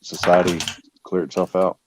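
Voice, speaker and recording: A man's voice: low voice, completely flat delivery, moderate pace, a little hiss or hum. A man on a casual group chat, trading blunt jokes and banter.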